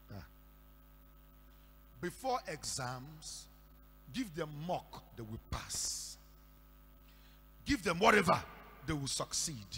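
A Nigerian man preaching a sermon, telling stories and breaking into shouted declarations. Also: fairly high pitch. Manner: storytelling with sudden shouted declarations. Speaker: pastor. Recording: echoey hall with faint hum.

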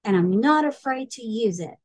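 A woman reading aloud and voicing a gentle, brave female slug in a storybook. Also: fairly high pitch, animated, moderate pace.

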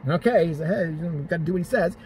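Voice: mid-range voice, fast talker, dark tone, slightly rough. A vlogger ranting in profane, sarcastic, exasperated commentary.

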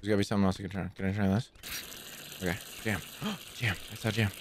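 A man hosting a gaming channel, giving playful, excitable let's play commentary full of trash talk. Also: fairly low pitch, fast, slight background noise.

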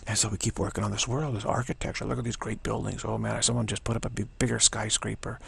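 A man's voice: on the low side, little pitch movement, quick pace, creaky, few pauses, fairly bright tone, slightly rough. A man giving a playful, rambling spiritual teaching, laughing often as he talks.

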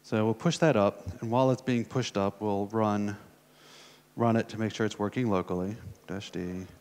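Speaking from a conference hall with long reverb, an American man casually walks through a live coding demo, thinking aloud as he types and using lots of fillers. His voice is on the low side and somewhat dark, with a steady tone and normal pace.

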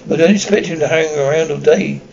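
A man's voice: a little high, a little fast, creaky, a little mellow, dull audio. Ron, a man doing a chatty young schoolboy wizard. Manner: chatty and blunt. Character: excitable red-haired schoolboy wizard. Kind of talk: audiobook character reading.

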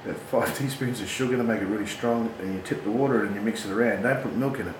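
A man's voice: on the low side, fast talker. Swearing Australian man telling a yarn. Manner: swearing, animated, laughs at his own yarns. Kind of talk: casual storytelling. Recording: echoey room with clear background noise.

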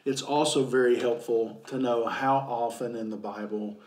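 A man hosts a church podcast as its pastor and leads the talk with calm, affirming questions. His voice is mid-pitched and echoey, and it sounds set back from the microphone. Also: normal speed, distant mic, slight background noise. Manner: affirming listener, soft agreeable interjections. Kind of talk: podcast conversation.

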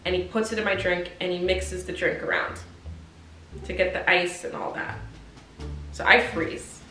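A woman in her twenties telling a casual storytime, animated and slangy, acting out the dialogue. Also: on the low side, moderate pace. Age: 20s. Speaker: vlogger. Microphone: compact camera mic. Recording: roomy sound with faint music.

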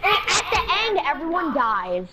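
A woman bantering and cursing while playing a video game, teasing and breaking into shouts. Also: high-pitched, big pitch swings, normal speed. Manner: profane, teasing, bursts into shouts. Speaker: gamer. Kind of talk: casual gaming banter. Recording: loud game noise behind voice.

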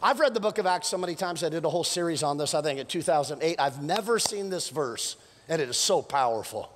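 A male pastor preaching a sermon, telling stories with playful asides and building to fired-up calls, his voice a little hoarse from preaching several services. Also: on the high side, fast talker, slight background noise. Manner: animated, storytelling with playful asides and rising exhortations. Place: church sanctuary. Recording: long church hall reverb.

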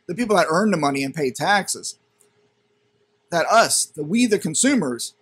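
Sarcastic, ranting man with a husky voice. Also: a little high, lively intonation, measured pace, long pauses, fairly bright tone. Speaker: crypto channel host. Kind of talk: ranting commentary.

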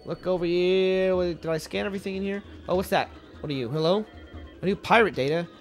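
High-voiced joking gamer man. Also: fairly quick, soft background music. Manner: joking, profane, playful bursts of goofy shouting. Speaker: let's play gamer. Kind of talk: casual gameplay commentary.

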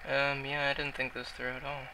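A man's voice: mid-range voice, flat delivery, moderate pace, noisy background. A man giving rambling, self-mocking commentary while he plays a video game, often mumbling to himself. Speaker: gaming YouTuber. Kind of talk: casual Let's Play commentary.

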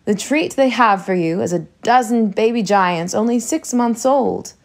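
A witty, spirited teenage heroine from a storybook who talks in a lively, teasing way, a little brighter than the narration. A gravelly fry runs under the voice, as a woman reads her aloud. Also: on the high side, a little slow. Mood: coaxing.

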